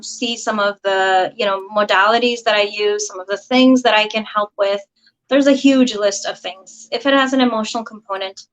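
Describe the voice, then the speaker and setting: A woman's voice: mid-range voice, poor audio. Woman guest explaining steadily. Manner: steady, explaining, slows to spell things out. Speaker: guest, hypnosis and NLP practitioner. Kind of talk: explanatory interview talk.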